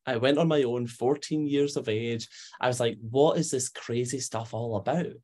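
A man's voice: mid-range voice, moderate pace. A Scottish man, guest on an interview, telling personal stories in a chatty way, acting out the voices of people he quotes and using many fillers. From Scotland. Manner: animated, acts out quoted voices, frequent fillers. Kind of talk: conversational storytelling.

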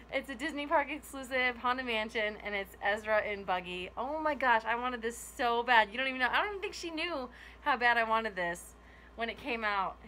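A woman's voice: on the high side, sharp tone, a little hiss or hum. Giggly, gushing young-sounding woman. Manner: giggly and gushing, frequent laughs and gasps. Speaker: YouTuber opening a gift box. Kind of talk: casual unboxing vlog.

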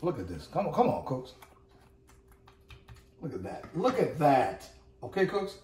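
A man's voice: on the high side, big pitch swings, a little slow, a little mellow, recorded from a distance, slight background noise. Hyped man cooking in a roomy kitchen. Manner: hyped, repetitive, calls out to viewers. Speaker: cooking channel host. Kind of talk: casual cooking demo. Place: home kitchen.

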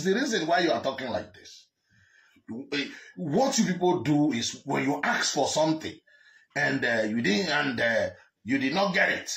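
A man delivering a heated, repetitive opinion monologue, shouting at times. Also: fairly high pitch. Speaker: commentator. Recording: roomy echo.

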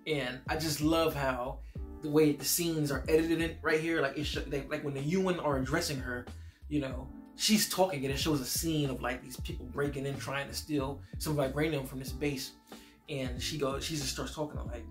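Excitable man reviewing a film. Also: medium pitch, moderate pace, soft background music. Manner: enthusiastic, slangy, frequent restarts. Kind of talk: casual spoken movie review.

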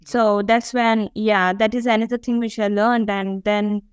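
A woman's voice: medium pitch, fairly even intonation, unhurried, clean tone, no echo. A woman guest in a conversational interview, speaking earnestly and reflectively, with frequent fillers. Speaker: guest, dental school applicant.

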